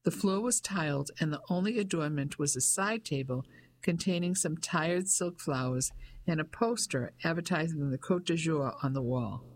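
Measured audiobook narrator. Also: medium pitch, slight background noise. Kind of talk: scripted narration.

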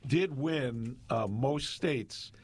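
Husky man explaining local history. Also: mid-range voice, drawn-out words, darkish tone. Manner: explains history, quizzes his partner. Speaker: radio co-host. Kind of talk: casual radio chat reading old newspapers.

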